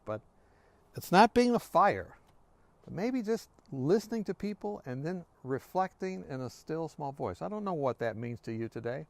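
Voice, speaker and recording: A man's voice: a little high, no echo. Earnest man telling a devotional story. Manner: earnest, sinks to a hushed near-whisper. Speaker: devotional speaker.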